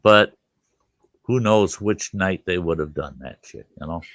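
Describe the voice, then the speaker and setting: Casting: male host, low and unhurried, salty joking manner. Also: a bit bright, dry recording. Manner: laid-back, salty, joking. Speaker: host of the livestream. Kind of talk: casual chat.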